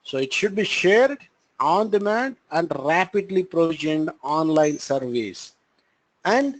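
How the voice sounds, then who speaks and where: A man with an Indian English accent teaching a live online class on cloud computing, halting and full of fillers. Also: a little high, big pitch swings, low-quality recording. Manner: halting, frequent fillers and restarts. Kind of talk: live online training lecture.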